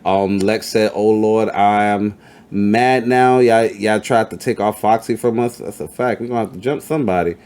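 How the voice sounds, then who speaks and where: Low-voiced profane man hosting an interview. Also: moderate pace, darkish tone, clear, resonant tone. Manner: profane, hype, reads chat comments aloud. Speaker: podcast host. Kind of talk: casual interview chat. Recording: faint background noise.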